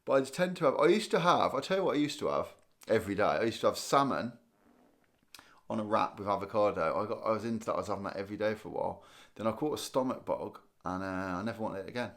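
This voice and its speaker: This Guernsey man hosts a laid-back live stream, reading viewer comments aloud in a lowish voice with lively intonation and a quick pace. Worn out and yawning, he chats loosely and rambles, thinking aloud with restarts and little laughs.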